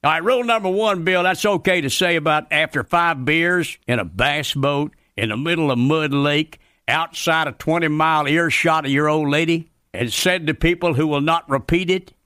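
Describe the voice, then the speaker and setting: An actor playing a loudmouthed, folksy redneck commentator, ranting ungrammatically in a scripted radio comedy bit. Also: male voice, on the high side, normal speed, hardly any pauses, clear, resonant tone, no room sound, studio quality. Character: loudmouthed folksy redneck male commentator, middle-aged, grumpy.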